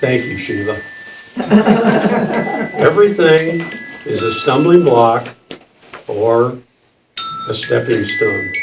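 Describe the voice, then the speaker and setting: Against a noisy background, a medium-pitched man in his seventies recounts a personal story to a spiritual gathering, lively and laughing, slipping into impressions of the people involved. A distant microphone captures him in a roomy hall.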